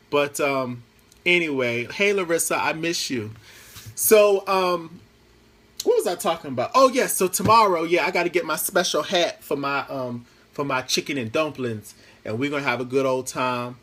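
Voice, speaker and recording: On a casual live stream from home, a man talks into his phone in a somewhat bright voice on the high side. As a Facebook Live host, he rambles chattily, alternating jokes with sincere pleas.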